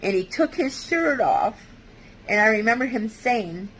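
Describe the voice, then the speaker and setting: Halting woman telling a personal story. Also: on the high side, big pitch swings, fairly bright tone, slight background noise, low-quality recording. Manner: halting, hesitant, with many fillers and restarts. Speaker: vlogger. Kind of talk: personal testimony.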